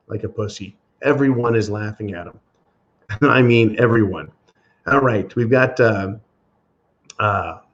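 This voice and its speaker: A man hosting a solo podcast rant in a sarcastic, profane manner. His voice sits at a middling pitch. The recording sounds dull and lo-fi. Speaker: podcast host.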